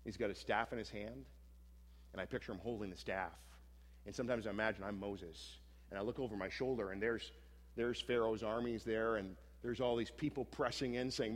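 Reflective male pastor in a reverberant hall. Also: on the low side. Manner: unhurried, reflective, with frequent small restarts. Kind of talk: sermon leading a guided scripture meditation. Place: church sanctuary. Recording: long reverb from a large worship hall.

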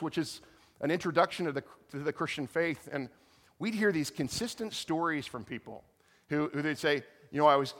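A man preaching a sermon in a relaxed, conversational way, often restarting his sentences. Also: mid-range voice, in a large hall. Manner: conversational, halting with many restarts. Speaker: pastor. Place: church meeting room.

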